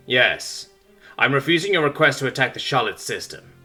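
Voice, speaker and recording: A man's voice: mid-range voice, animated, moderate pace, sharp tone, soft background music, pitched above the performer's own voice. A man voicing a weary male human ambassador who speaks firmly and sarcastically. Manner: sarcastic, firm.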